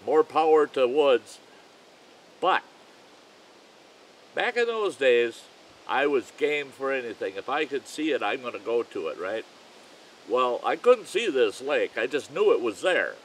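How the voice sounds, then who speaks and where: A man's voice: medium pitch, big pitch swings, unhurried, pauses often, a little hiss or hum, rough recording. Older man spinning a folksy yarn. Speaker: storyteller. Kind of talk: campfire storytelling.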